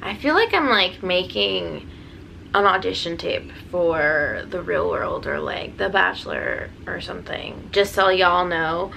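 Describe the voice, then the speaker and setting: A woman's voice: on the low side, very animated, unhurried, creaky, sharp tone, slight background noise, poor audio. A young woman rambling jokily through a casual Q&A vlog, full of fillers and asides. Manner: rambling, jokey, lots of fillers. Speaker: DJ and YouTuber.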